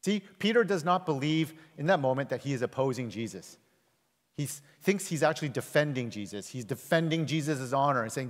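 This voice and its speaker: A man's voice: animated, fairly quick. Man preaching in a reverberant hall. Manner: emphatic, swings between loud rises and soft low drops. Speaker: pastor. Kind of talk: sermon. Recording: long reverb of a large hall.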